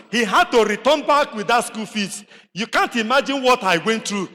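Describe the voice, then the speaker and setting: A man with a Nigerian accent preaching a sermon in a chapel, animated, swinging from shouts to low asides and asking rhetorical questions. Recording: long hall reverb in a chapel.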